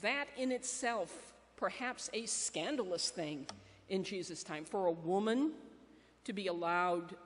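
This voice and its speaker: A woman pastor preaching a sermon in a measured, conversational way, with fillers and pauses. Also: medium pitch, lively intonation. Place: church sanctuary. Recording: church hall reverb.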